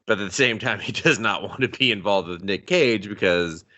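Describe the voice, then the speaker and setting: Deep-voiced, bright-toned man recapping movies. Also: moderate pace. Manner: profane, retells scenes with quoted voices. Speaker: podcast co-host. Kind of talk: casual movie review chat.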